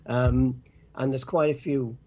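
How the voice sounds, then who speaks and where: An older British man, a podcast co-host and cycling author, chatting casually in a halting way with many restarts. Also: mid-range voice, fairly even intonation, dark tone, highs cut off. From Britain. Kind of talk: casual chat.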